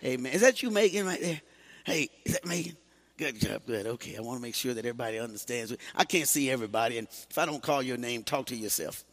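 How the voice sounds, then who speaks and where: A man's voice: medium pitch, quick pace, a bit bright. A man, a pastor, chatting with his congregation during a church service and often breaking in with "amen". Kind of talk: sermon and greeting the congregation. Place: church sanctuary.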